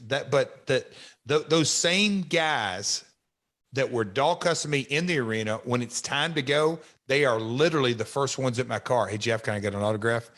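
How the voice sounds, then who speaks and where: A man's voice: medium pitch, a bit bright. A man hosting a podcast, telling stories in a loose, rambling way with many restarts and frequent laughs. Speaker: podcast host, former wrestler. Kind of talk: casual storytelling chat.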